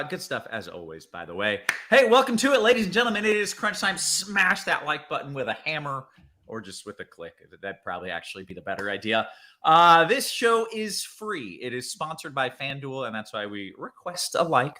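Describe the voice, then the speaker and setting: A man hosting a fantasy sports stream, upbeat and energetic in his show opener. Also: fairly high pitch. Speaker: show host. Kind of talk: sports betting stream talk.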